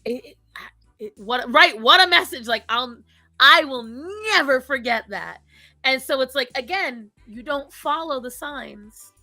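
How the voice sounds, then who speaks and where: A woman's voice: high-pitched, animated, unhurried, pushed and bright, no room sound. A woman with a thick Rhode Island accent, telling stories in casual chat, laughing often and swearing freely. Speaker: podcast co-host.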